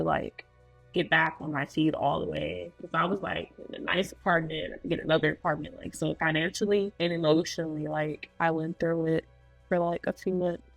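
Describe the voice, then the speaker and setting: A woman's voice: low-pitched, vocal fry, rough recording. A woman telling her own story as a guest in a loose, casual way, full of filler words.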